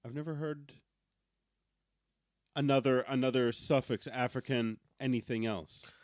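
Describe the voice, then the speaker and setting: A man's voice: mid-range voice, steady tone, unhurried, darkish tone, no echo, studio quality. A man co-hosting a podcast in casual chat, often stammering over his words and laughing. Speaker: podcast co-host.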